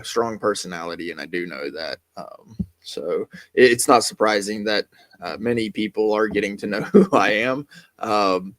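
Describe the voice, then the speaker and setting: Male guest, low voice, dry close sound, measured and earnest. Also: dry recording. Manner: measured, earnest, filler-heavy. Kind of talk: casual live-stream chat.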